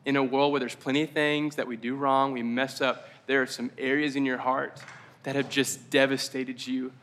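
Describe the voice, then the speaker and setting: Guy giving a laid back church sermon, bright tone, chatty asides, slows way down on the big lines. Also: medium pitch, level tone. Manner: conversational, rambling asides, slows down for emphasis. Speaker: pastor. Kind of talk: casual sermon. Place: church service.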